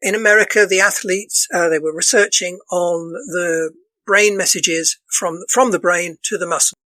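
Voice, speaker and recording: A man with a voice going hoarse, a dance counsellor explaining things earnestly as a podcast guest, looping back and restarting his phrases as he talks. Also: high-pitched, normal speed, pushed and bright, dry recording, rough recording. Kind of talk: casual podcast interview.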